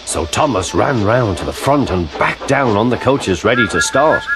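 Animated male storybook narrator. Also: lowish voice, normal speed. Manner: expressive, animated. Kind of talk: storybook read-aloud narration. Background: background music.

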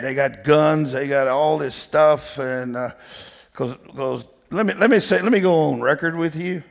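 A man's voice: medium pitch, vocal fry. A man preaching a storytelling sermon in a folksy, emphatic way, pressing the congregation with repeated questions. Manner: folksy, emphatic, repeats "did you hear me". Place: church sanctuary. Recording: long hall reverb.

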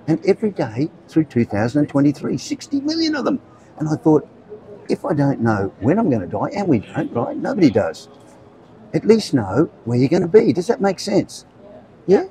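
Out on a street, a seventy-something Australian evangelist speaks to young people walking by, earnest and conversational, frequently tossing in "right?" and "okay?". He has a dark tone in a voice on the high side. The rough recording carries a little hiss or hum.

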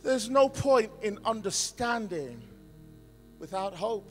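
A male pastor preaching an emphatic sermon, swinging between loud declarations and quiet asides. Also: sits high, expressive, takes it slowly, soft background music. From England. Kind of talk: conference sermon.

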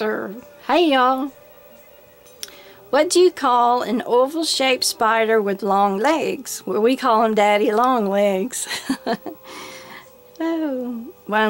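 A woman with a Southern US accent chatting casually through an accent tag video, giggling often. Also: fairly high pitch. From Southern United States. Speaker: vlogger.

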